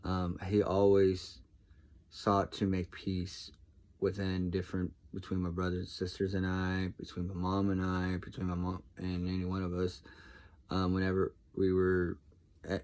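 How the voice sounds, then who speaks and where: A man talking casually and reflectively to camera, soft-spoken and hesitant, with many pauses and restarts. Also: low-pitched. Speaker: vlogger.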